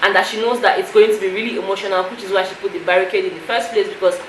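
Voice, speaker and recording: A woman's voice: mid-range voice, fairly even intonation, very fast, fairly bright tone. A woman recapping a reality show to camera in a chatty, emotional way, full of "you know" fillers. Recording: echoey room with faint noise.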